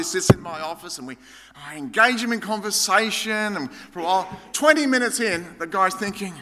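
A man's voice: sits high, a little fast, sharp tone. A Greek-born man preaching a sermon as a pastor, telling stories with playful banter before turning earnest. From Greece. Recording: hall reverb.

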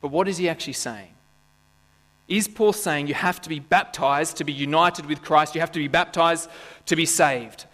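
A man's voice: fairly high pitch, moderate pace, fairly bright tone. A man preaching a sermon to his church congregation, conversational and playful, often asking the congregation questions and adding jokes. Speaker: pastor. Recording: church hall with long reverb and mains hum.

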